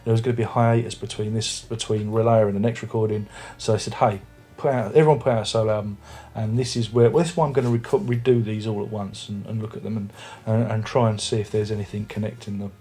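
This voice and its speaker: His voice is lowish and warm with little pitch movement, and he talks at a quick pace with few pauses. This music review vlogger chats casually about an album from a home room holding a record player and speakers. The talk meanders with lots of restarts.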